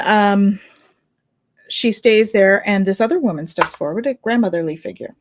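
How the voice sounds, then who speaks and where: A middle-aged woman, a Reiki healer and medium, casually telling a story in a chatty, animated way. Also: on the low side. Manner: chatty, animated, with fillers and laughs.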